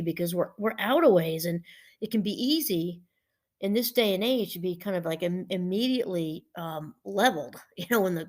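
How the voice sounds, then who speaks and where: A woman professor giving a casual, chatty talk. She wanders off topic, restarts her sentences often and laughs easily. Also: lowish voice. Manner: chatty and digressive, with frequent restarts. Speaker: professor and podcast host. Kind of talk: casual teaching monologue.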